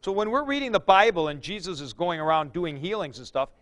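A man's voice: sits high, big pitch swings, a little fast, fairly bright tone. A man lecturing a class on Greek verbs, drilling forms aloud and stressing key points. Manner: drills verb forms aloud, emphatic asides. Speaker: Greek teacher.

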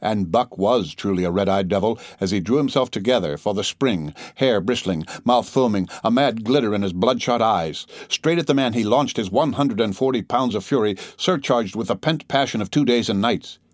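A man reading an audiobook in measured, dramatic storytelling. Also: on the low side, no room sound, clean studio sound. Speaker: audiobook narrator. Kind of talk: scripted audiobook narration.

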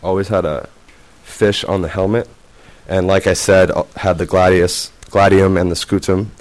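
A man's voice: low voice, steady tone, normal speed. A man presenting to a class, hesitant and full of fillers. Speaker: student presenter.

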